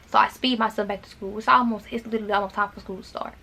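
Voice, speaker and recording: A woman's voice: medium pitch, fairly even intonation, fast, vocal fry, sharp tone. A young woman from Arkansas, telling a dramatic storytime to her viewers in casual chat, with repeated words and asides. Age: young adult. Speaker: vlogger.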